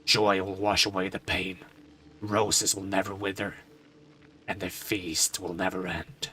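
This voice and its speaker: A man voicing a grave, brooding father who mourns his lost wife, speaking slowly and solemnly. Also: low voice, completely flat delivery, bright, forceful tone, slight background noise, pitched below the performer's own voice. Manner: slow, solemn, heavy.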